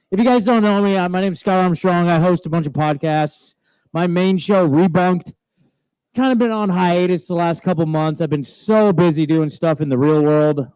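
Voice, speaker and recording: A man hosting an onstage festival chat, joking and energetic, a bit scattered, on a handheld mic. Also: a little high, smooth, dry recording, rough recording. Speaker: host interviewing festival presenters. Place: festival stage. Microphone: handheld microphone.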